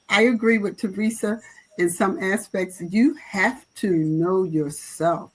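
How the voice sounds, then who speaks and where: A woman's voice: medium pitch, rough recording. A woman pastor speaking on a live panel, emphatic and encouraging, with a preaching flavor.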